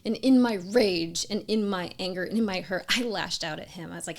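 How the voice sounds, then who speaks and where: A woman in her thirties narrates a personal story in a rather low voice with a gravelly fry. She speaks earnestly and with emphasis, and sometimes slips into a soft whisper. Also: a little fast, few pauses. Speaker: storyteller sharing a personal experience.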